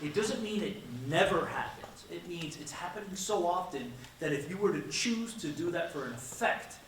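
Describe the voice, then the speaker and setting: A man coaching a student conductor in rehearsal, gently asking questions and singing melody lines in nonsense syllables. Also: sits high, lively intonation, normal speed. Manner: gentle, encouraging, asks many questions. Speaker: conducting clinician. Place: rehearsal room with a band. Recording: echoey rehearsal room, distant mic, band noise.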